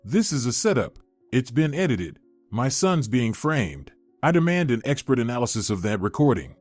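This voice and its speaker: A domineering older mother-in-law, scornful and commanding, as a male storyteller reads her lines. The delivery rises and falls with lively pitch. It sits dry and close with faint music underneath. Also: normal speed, no room sound. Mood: indignant.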